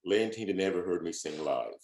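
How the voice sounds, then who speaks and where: Very deep older man reminiscing. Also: lively intonation, a little fast, darkish tone, echoey room. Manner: reminiscing, earnest, humble, repeats quoted speech. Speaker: interviewee, opera singer. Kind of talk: oral history interview. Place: at home, on a video call.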